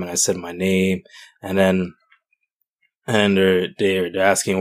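Low, flat-voiced young man, halting. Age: young adult. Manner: halting, many restarts and fillers. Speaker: podcast co-host. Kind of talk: casual discussion.

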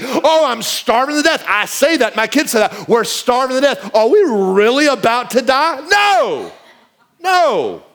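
Preaching pastor who swings loud and soft. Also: male voice, high voice. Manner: preaching with big swings from loud to hushed, repeating phrases. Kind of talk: sermon. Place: church.

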